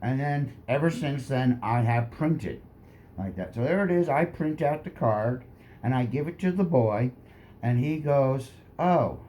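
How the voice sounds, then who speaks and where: A man telling a comic personal story with animated delivery, often tacking "like that" onto his lines. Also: medium pitch, unhurried, slight background noise. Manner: animated, full of "like that" asides.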